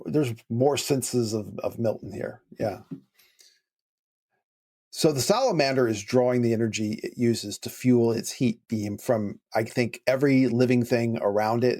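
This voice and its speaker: A man's voice: medium pitch, a little mellow. A man hosts a laid-back book discussion podcast. He talks in a chatty, meandering way and often digresses into detailed explanations. His asides carry a dry, wry humor. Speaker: podcast host.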